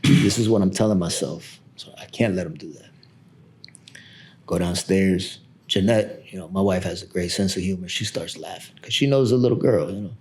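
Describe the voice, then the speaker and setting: Lowish-voiced man telling a family story. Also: moderate pace, a little hiss or hum. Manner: animated storyteller who acts out the people he quotes. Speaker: barber, podcast guest. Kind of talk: casual storytelling chat.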